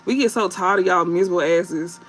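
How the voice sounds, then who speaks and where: A man hosting a late-night livestream as a tarot reader, talking bluntly and profanely with drawn-out fillers and repeated phrases. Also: high voice, fairly bright tone, faint music behind.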